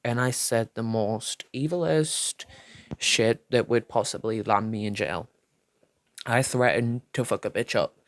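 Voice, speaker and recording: A young man telling a storytime tale in a sassy, dramatic way, swearing freely. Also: mid-range voice. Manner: fast, lively gossip delivery. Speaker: storytime vlogger. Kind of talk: storytime retelling.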